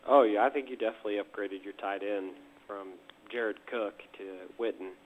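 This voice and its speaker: A tired man co-hosting a fantasy football show, talking in a measured way and stumbling over his first words. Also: lowish voice, steady tone, phone-quality sound. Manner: measured, stammers at starts. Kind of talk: casual chat.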